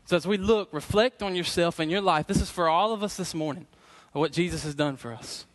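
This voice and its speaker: A middle-aged man preaching a sermon as pastor, earnest and emphatic, slowing down to repeat key phrases. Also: a little high.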